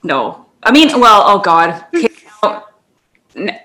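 A woman's voice: mid-range voice, sing-song, slow, sharp tone. Chatty woman podcast co-host. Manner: rambling, tangents, frequent laughter. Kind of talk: casual chat.

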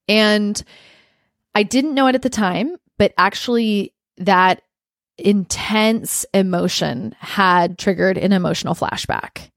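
A woman's voice: mid-range voice, a little slow, no echo, clean studio sound. A young adult woman hosting a podcast, telling a personal story in a candid, heartfelt way with lots of "like" fillers. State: emotional. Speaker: podcast host.

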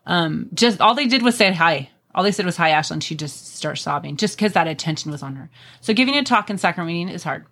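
A middle-aged woman with a fairly low voice tells family stories in a relaxed chat. She talks earnestly and often pauses with an um. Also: gravelly. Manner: earnest, storytelling with many ums. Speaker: podcast guest. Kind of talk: casual conversation.

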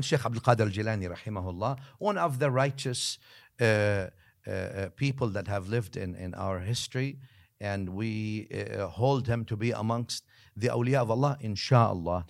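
A man, a religious scholar, telling a story as a podcast guest, lively one moment and dropping to a hushed near-whisper the next, with Arabic phrases woven in. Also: lowish voice, normal speed, vocal fry. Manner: mixes Arabic phrases into his talk.

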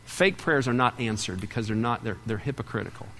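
A middle-aged pastor preaching a sermon, telling a story with lively swings between loud and hushed delivery. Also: male voice, medium pitch, a little fast, creaky, in a large hall, a little hiss or hum.

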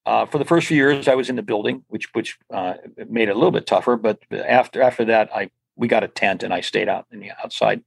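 A man's voice: on the low side, brisk, gravelly, few pauses, breathy edge, dry recording. An older man, an interview guest, telling stories casually and rambling, with many restarts and repeated words. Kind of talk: casual storytelling.

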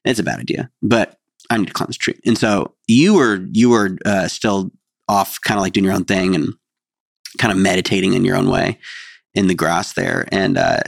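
Low-voiced man telling a lively story. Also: normal speed, gravelly, no room sound, studio quality. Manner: animated storyteller, acts out quotes. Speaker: podcast co-host. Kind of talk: casual storytelling chat.

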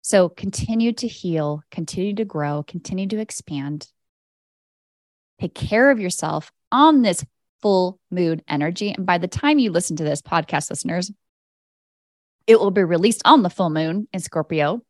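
A woman's voice: lowish voice, expressive, moderate pace, darkish tone, no echo, studio quality. Soothing woman coaching a spiritual podcast. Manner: soothing, direct, casual swearing. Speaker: podcast host and energy coach. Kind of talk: guided spiritual coaching talk.

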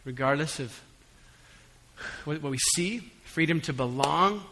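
A male pastor delivers a sermon with a bright, forward voice, drifting between relaxed, conversational storytelling and emphatic, raised appeals to the room. His words ring out with a long reverb tail from the church hall. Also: a little high, a little slow, a little hiss or hum. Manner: conversational preaching with humorous asides; swings between soft and emphatic.

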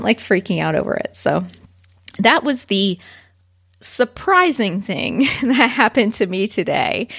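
A woman in her forties hosting her own podcast, telling a story in a chatty, animated way and laughing often. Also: medium pitch. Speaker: podcast host. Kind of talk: casual solo podcast talk.

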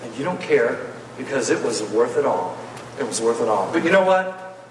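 A man's voice: mid-range voice, very animated, normal speed, distant mic, a little hiss or hum. A male preacher telling a folksy, playful story during a sermon. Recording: echoey hall, voice from afar.

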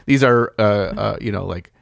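A man's voice: fairly low pitch, moderate pace, vocal fry, no room sound, studio quality. A man chatting casually on a podcast, telling rambling stories with plenty of swearing and filler words. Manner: rambling, profane, laid-back storyteller. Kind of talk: casual chat.

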